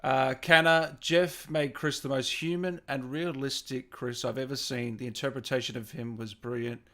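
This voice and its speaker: A man's voice: medium pitch, fairly even intonation, normal speed, sharp tone. A man hosting a casual interview, reading out fan questions in an easygoing, joking way.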